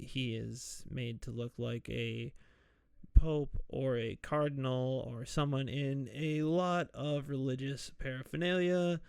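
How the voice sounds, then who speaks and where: A man hosting a podcast, slowly and casually retelling a movie's plot with jokey asides. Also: mid-range voice, smooth, no echo, studio quality. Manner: slow, laid-back retelling with jokey asides and mock quoted voices. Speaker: podcast host. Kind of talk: casual solo movie recap.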